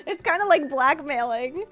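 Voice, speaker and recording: A high-pitched woman in her late twenties talks through a live game stream, rambling and laughing nervously. She sounds flustered and uneasy, with faint music running underneath. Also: bright, forceful tone. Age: 20s. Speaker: Roblox streamer. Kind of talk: live gameplay stream chat.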